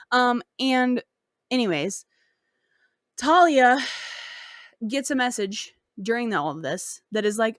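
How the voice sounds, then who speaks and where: Slangy, joking woman with a higher voice. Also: very animated, slow, pauses often, no room sound, studio quality. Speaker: podcast host. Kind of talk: casual storytelling retelling a folk tale.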